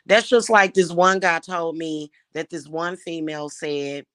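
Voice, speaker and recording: A woman's voice: sits low, a little slow, few pauses, fairly bright tone, dry recording, clean studio sound. A woman giving blunt love advice in a casual monologue, emphatic and swearing freely.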